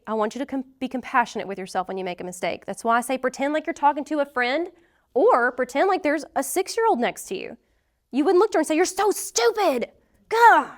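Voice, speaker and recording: Earnest higher-voiced woman teaching a class. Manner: earnest and direct, shares personal stories. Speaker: class leader speaking to a group. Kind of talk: heartfelt teaching talk.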